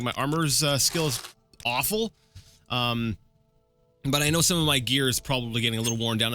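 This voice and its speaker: A man's voice: mid-range voice, bright, forceful tone. A man giving casual let's-play commentary, rambling and correcting himself with plenty of fillers and restarts. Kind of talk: casual live gameplay commentary.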